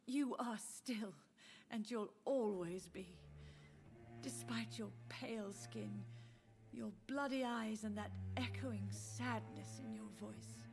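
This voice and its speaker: A woman's voice: a little high, slow pace. Confused grieving old mother. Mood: wistful. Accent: English. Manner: tender, wistful, gently insistent. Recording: game audio under music.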